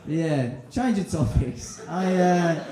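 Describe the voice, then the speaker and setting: A man's voice: fairly high pitch, lively intonation, slow, crowd noise. Man, late twenties, stand-up comic, crude self-mocking rambling, roomy club, audience laughter. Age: 20s. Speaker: stand-up comedian. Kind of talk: stand-up set. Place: comedy club in central London.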